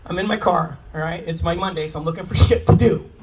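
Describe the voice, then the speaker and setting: A man in his forties telling brash, profane stand-up stories in an animated way. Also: fairly high pitch, fast, very noisy. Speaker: stand-up comedian. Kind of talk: stand-up storytelling. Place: live comedy venue. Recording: distant mic with a crowd, comedy club.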